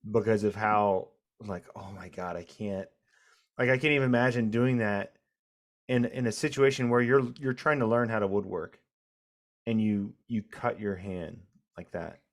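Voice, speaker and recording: A man co-hosting a podcast in casual chat, earnest and uneasy, with halting restarts. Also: on the low side.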